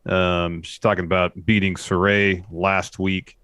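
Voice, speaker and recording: A man co-hosting a podcast, recounting a wrestling show in a steady, matter-of-fact way. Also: deep voice, measured pace, clean tone, no room sound. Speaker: podcast co-host. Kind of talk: casual wrestling recap chat.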